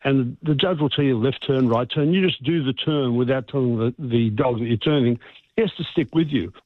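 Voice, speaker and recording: A man's voice: medium pitch, brisk. A man with an Australian accent, a veterinarian speaking as a guest on a radio phone-in, explaining things at length in an expansive, rambling way. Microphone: telephone line. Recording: tinny phone line.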